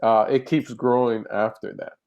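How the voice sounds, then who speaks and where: A man, a comedian, chatting casually in an interview over a video call, animated and rambling with restarts. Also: medium pitch, moderate pace, highs cut off. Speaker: comedian guest.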